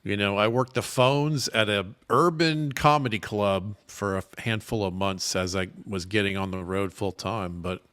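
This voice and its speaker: A man's voice: lowish voice, moderate pace, few pauses, fairly bright tone, smooth. A middle-aged man, a stand-up comedian, chatting wryly as a radio guest. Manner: wry, joking. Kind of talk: casual talk-radio chat.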